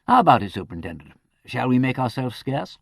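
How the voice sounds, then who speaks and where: A man reading an audiobook, voicing an aristocratic gentleman detective who speaks lightly and ironically. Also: mid-range voice, big pitch swings, quick pace, gravelly, no room sound, clean studio sound. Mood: light ironic.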